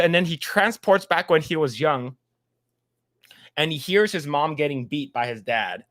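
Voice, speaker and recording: Animated, foul-mouthed high-voiced man. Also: normal speed, no echo. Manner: animated, profane, acts out scenes in voices. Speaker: podcast co-host. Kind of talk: casual chat.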